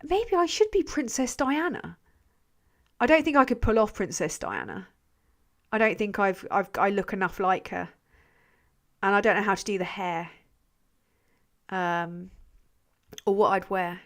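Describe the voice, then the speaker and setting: A woman chats loosely on her live stream, replying to viewer comments. She rambles, drops sentences halfway and swears without a second thought, mocking herself as she goes. Her voice sits at an ordinary middle pitch. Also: lively intonation, measured pace, long pauses. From England. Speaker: channel host.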